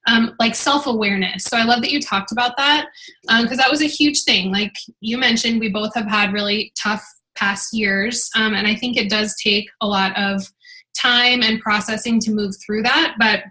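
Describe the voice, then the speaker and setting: A woman's voice: a little high, fairly even intonation, normal speed, pushed and bright, rough recording. A woman in her thirties hosting a team video call, chatting casually and rambling with many fillers. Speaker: team leader and host.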